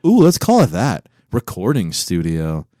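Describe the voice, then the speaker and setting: A man co-hosting a casual podcast from a home recording room, cursing freely and breaking into loud disbelief. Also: low voice, huge pitch swings, a little slow, no echo, clean studio sound. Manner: profane, incredulous, loud bursts of disbelief. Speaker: podcast co-host. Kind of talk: casual banter.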